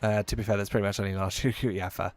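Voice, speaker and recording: A man's voice: on the low side, little pitch movement, fast, no echo, faint music behind. A man with a mixed Essex and Midlands English accent, chatting casually and jokingly with his live-stream chat while playing a game. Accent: mix of Essex and Midlands English. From England.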